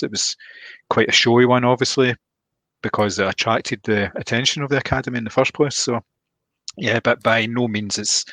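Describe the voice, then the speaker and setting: A man talks through film awards in a casual podcast chat. His voice sits a little low and is recorded close and dry. He thinks aloud in a measured way, with small restarts. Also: pushed and bright, no echo.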